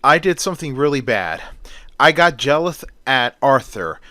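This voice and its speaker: Guilty young man, hushed and pleading, read by a man, smooth voice. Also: mid-range voice, sing-song, moderate pace, dry recording. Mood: confessing.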